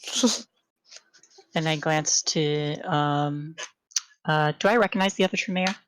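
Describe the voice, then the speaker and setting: A woman's voice: low voice, measured pace, slight background noise. A woman playing in a tabletop role-playing game, thinking aloud with some hesitation. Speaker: player. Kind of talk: casual game chat.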